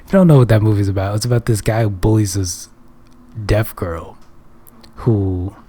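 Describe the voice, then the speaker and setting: A man's voice: on the low side, normal speed, warm tone. A young man talking to camera in a casual, rambling monologue, offhand and jokey, often trailing off and restarting, with some swearing. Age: young adult. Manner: profane. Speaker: vlogger.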